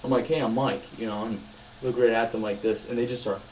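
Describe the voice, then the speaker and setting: A man's voice: mid-range voice, steady tone, a little fast, darkish tone, a little hiss or hum, low-quality recording. A young man vlogging in a casual chat, telling rambling, upbeat stories full of fillers.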